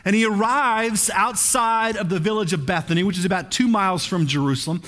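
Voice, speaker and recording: Animated pastor preaching, high man's voice. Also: a little fast. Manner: conversational, animated, asks "right?" often. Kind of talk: sermon.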